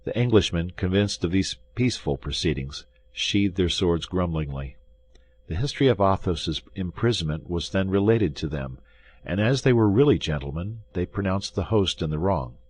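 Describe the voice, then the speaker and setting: A man narrating a classic adventure audiobook in an expressive, measured storytelling manner. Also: deep voice, breathy edge.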